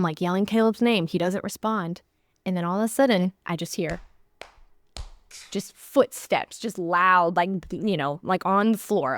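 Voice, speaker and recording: Young woman guest on a podcast, animated and laughing a lot, dry close sound. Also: mid-range voice, no room sound. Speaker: actress guest. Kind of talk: casual interview storytelling.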